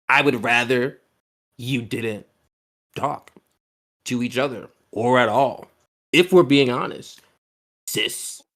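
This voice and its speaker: A man's voice: medium pitch, pushed and bright, full character voice. A man voicing a grumpy, ancient, giant male white dragon who speaks in a sulky, dismissive way.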